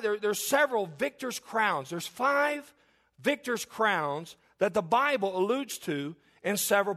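A man's voice: sits high, a bit bright. A man in his forties preaching a sermon and reading Bible verses aloud, emphatic and given to repeating and restarting his phrases. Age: 40s.

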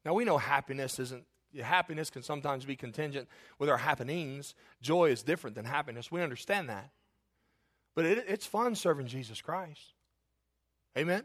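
High-voiced preacher. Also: male voice, lively intonation, moderate pace. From Kentucky. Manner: impassioned preaching, building to shouted emphasis, calls for amens. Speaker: pastor. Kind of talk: sermon.

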